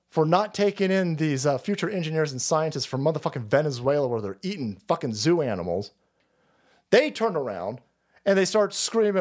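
A man with a high, swooping voice rants on a live stream. He is crude and angry and throws in sneering mockery, and his pitch leaps up and down all the time. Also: darkish tone. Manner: profane, angry, mocking; mimics opponents in sneering voices. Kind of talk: ranting political commentary.

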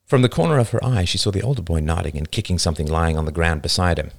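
A man's voice: sits low, fast talker, creaky, hardly any pauses. A man narrating a novel as its author, reading expressively and dramatically.

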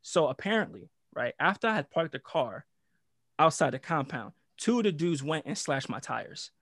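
A young man telling a story in casual podcast talk, slangy and animated, acting out what others said. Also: normal speed, no echo, clean studio sound. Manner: animated, slangy, acts out quotes with shifting pitch. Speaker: storyteller guest.

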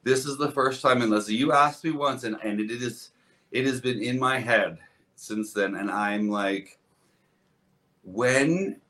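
A man's voice: medium pitch, measured pace, bright, forceful tone. A man, a hairdresser guest on a podcast, telling stories in a casual, earnest, rambling way with lots of restarts. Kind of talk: casual conversational storytelling.

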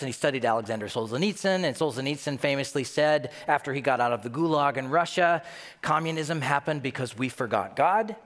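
A man preaching a sermon as pastor, animated, swinging between loud emphatic bursts and hushed low asides. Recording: long reverb of a large hall.

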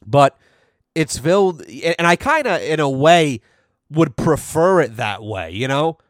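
A man's voice: a little high, sing-song, unhurried, no echo, studio quality. A young adult man hosting a podcast, telling a rambling, profanity-filled story in casual chat. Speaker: podcast host.

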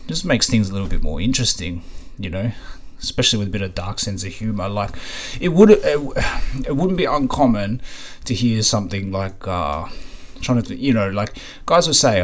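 A man's voice: on the low side, animated, a little fast. A man with an Australian accent, hosting a podcast and telling stories in a loose, rambling way, swearing casually and leaning on fillers like "you know what I mean". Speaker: podcast host. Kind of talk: casual storytelling monologue.

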